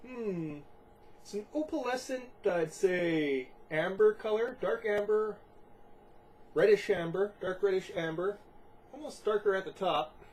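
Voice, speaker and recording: A congested man hosting a casual beer review at home, rambling and halting with lots of fillers. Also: high voice, darkish tone, poor audio.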